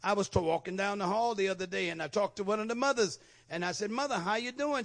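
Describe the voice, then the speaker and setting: A man's voice: high voice, fast talker, gravelly, a bit bright. A middle-aged male pastor preaching a sermon in church, with repeated call-and-response questions to the congregation.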